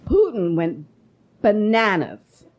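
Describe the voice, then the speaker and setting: A woman hosting a political interview podcast, talking in an animated, opinionated way. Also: medium pitch, takes it slowly, dull audio. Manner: animated, opinionated, rising to exclamation. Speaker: podcast host.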